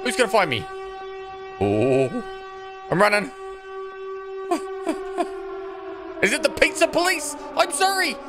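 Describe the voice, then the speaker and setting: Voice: medium pitch, wildly swooping pitch, moderate pace, long pauses, noisy background. A gaming channel host giving jumpy, joking commentary while playing a horror game, laughing and narrating every move.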